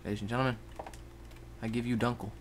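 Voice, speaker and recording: A man giving rambling Let's Play commentary at his computer, jumping between loud outbursts and muttered whispers. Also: medium pitch, level tone, fast talker, slight background noise. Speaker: gaming YouTuber. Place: at a computer, indoors.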